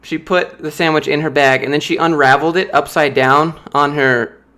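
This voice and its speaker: A man's voice: a little high, fairly even intonation, moderate pace, pushed and bright. A man chatting casually on a live stream, telling loose, filler-heavy anecdotes. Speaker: streamer answering viewer questions.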